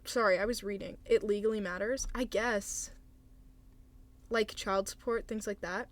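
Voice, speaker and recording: Young woman streamer, unsure and apologetic, mid pitch, lots of awkward little laughs. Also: steady tone, moderate pace. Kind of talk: casual livestream advice chat.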